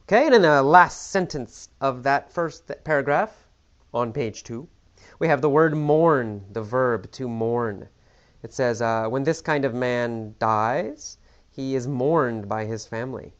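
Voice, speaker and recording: A man's voice: mid-range voice, expressive, fairly bright tone. Patient male English teacher, lo-fi audio. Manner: slow, patient explanations with many examples. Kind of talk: explaining vocabulary from a text. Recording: slightly dull lo-fi audio.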